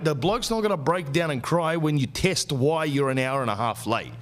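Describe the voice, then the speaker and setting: Bloke in his forties, podcast host, ranting comic anecdotes, lively swooping pitch. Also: moderate pace, few pauses. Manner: ranting, animated anecdotes with slang. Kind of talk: comic storytelling.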